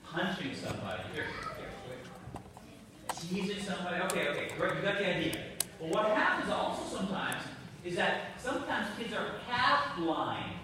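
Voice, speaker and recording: A man's voice: sits high, big pitch swings, moderate pace, noisy background. A man giving a homily to children in church, chatty and coaxing as he asks them questions. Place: large church. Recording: echoey church from far off.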